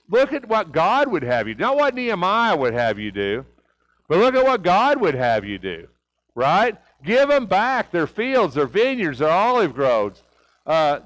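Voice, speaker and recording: Man, Bible class teacher, bright-ish voice, very lively intonation, rhetorical questions. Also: sits high, poor audio. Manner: teaching with frequent rhetorical questions and tag "right?". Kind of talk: church Bible class lesson.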